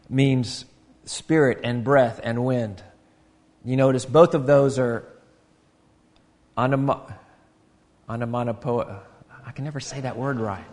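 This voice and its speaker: A man's voice: medium pitch, darkish tone, big-room sound. A man, preaching a sermon in an earnest, conversational way with frequent restarts. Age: 50s. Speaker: pastor.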